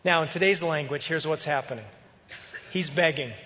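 A man preaching a sermon as pastor, in a conversational, animated way. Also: fairly high pitch, normal speed, big-room sound, highs cut off, background noise.

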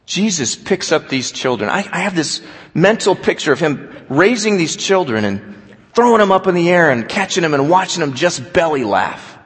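A man preaching a sermon, telling stories with animation and dropping to a quiet voice for scripture. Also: fairly high pitch, moderate pace. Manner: storytelling, animated, drops to quiet for quoted scripture. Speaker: pastor. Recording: long hall reverb.

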